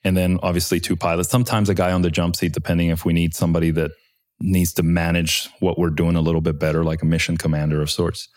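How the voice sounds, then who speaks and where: A man's voice: low voice, level tone, fast talker, darkish tone. A man, a helicopter pilot, telling war stories in a laid-back, slangy way with casual swearing. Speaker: Chinook helicopter pilot, guest.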